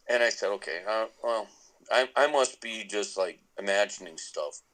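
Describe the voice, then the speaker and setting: A man's voice: lowish voice, normal speed, fairly bright tone, poor audio. A middle-aged man, a podcast guest, tells a long personal story casually, with many restarts. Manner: rambling with many restarts and laughs.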